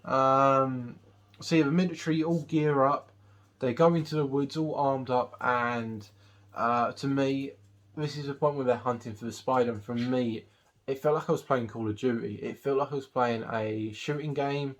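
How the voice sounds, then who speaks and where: A man's voice: medium pitch, steady tone, moderate pace. A man giving a casual movie review, recapping the plot in a rambling way with lots of ums and uhs. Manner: rambling recap with many fillers. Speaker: film reviewer.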